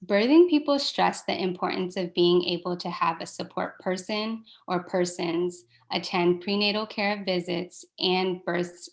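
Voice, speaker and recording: A woman reading a prepared research presentation in a steady, measured way. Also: fairly low pitch, creaky.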